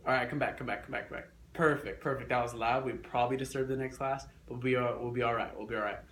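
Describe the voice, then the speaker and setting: Energetic young male teacher, echoey classroom. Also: mid-range voice, fast. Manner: energetic, coaxing, repeats instructions. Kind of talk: classroom lesson. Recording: echoey classroom with faint noise.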